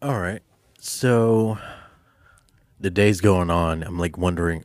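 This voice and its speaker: A man's voice: deep voice, measured pace, pauses often, no echo. A man co-hosting a podcast with a stuffy, allergy-affected voice, giving short laid-back replies on a studio microphone. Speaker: podcast co-host. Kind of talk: casual podcast chat.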